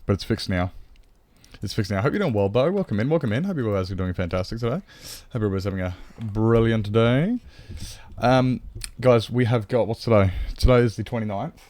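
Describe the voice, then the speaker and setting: Low-voiced chatty male streamer. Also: a little fast, darkish tone, no room sound. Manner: rambling, chatty, swears freely. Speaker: game streamer. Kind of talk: casual live-stream chat. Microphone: desk microphone.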